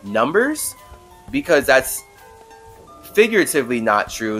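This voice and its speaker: A young man hosting a podcast, telling a story in an animated, casual way with frequent fillers. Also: medium pitch. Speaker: podcast host. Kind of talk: casual monologue.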